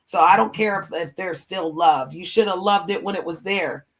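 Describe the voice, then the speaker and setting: A woman's voice: on the low side, moderate pace. A woman hosting a livestream, venting angrily about an ex in heated, profane casual chat. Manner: angry, profane venting rant. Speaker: livestream host.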